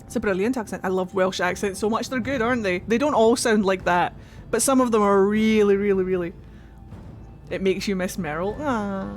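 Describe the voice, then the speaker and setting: A woman's voice: medium pitch, a little fast, soft background music. Chatty woman streaming a game. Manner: chatty, laughing, gushing asides. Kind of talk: casual gameplay commentary.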